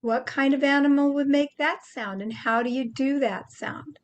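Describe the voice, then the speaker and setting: An older woman gently teaching children how to make animal sounds, explaining each step patiently. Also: high voice, moderate pace. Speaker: children's presenter.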